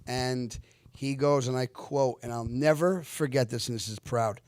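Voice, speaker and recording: A man in his fifties, an actor guest on an interview show, telling stories in an animated, earnest way. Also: medium pitch, a little slow, no room sound, clean studio sound. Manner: animated, lively retelling with acted-out quotes; earnest, reflective when giving life lessons. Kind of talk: casual storytelling interview.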